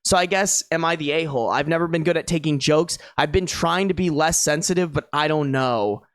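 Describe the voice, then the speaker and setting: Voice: medium pitch, fairly quick, no echo, clean studio sound. A streamer reading online posts aloud in a casual, slangy way, breaking off for exasperated, disbelieving reactions. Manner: exasperated, incredulous reactions between read passages; slangy and casual, calls listeners bro and dude.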